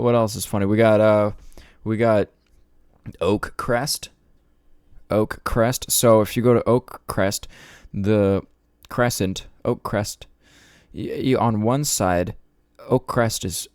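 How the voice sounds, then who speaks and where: A man's voice: lowish voice, darkish tone, smooth, no echo, clean studio sound. A man hosting his podcast, ranting in a casual, profane, sarcastic and rambling way. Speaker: podcast host.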